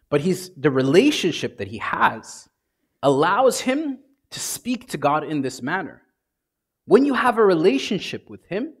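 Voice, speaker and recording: A man's voice: high-pitched, husky. A man, a priest, giving a conversational sermon and acting out prayers in everyday speech.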